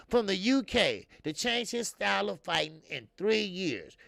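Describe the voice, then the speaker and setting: A man hosting a casual boxing stream, his slightly raised voice full of deep gravelly fry. He rambles and curses freely, stumbling through fillers as he answers viewers. The sound is close and dry, with no room in it. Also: very animated, a little slow, fairly bright tone, no echo. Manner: loose, profane and rambling, with many fillers. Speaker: boxing talk show host. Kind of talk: casual live-stream commentary.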